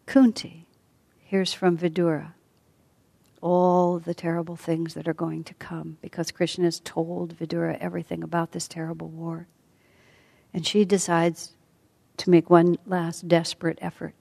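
Gravelly low-voiced woman telling a story. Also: little pitch movement, unhurried. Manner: soft-spoken, often sinking to a near whisper. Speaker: teacher. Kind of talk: storytelling lesson.

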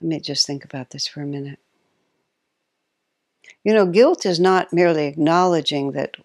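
A woman giving a reflective spiritual talk. She pauses thoughtfully, searches for her words and corrects herself. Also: deep voice, darkish tone, no room sound, studio quality.

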